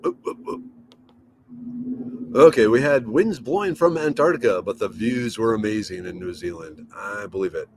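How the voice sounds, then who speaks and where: There's a little hiss or hum behind this man's low, darkish, expressive voice, delivered at a moderate pace. He hosts a casual home livestream, reading comments aloud and meandering, thinking out loud with fillers.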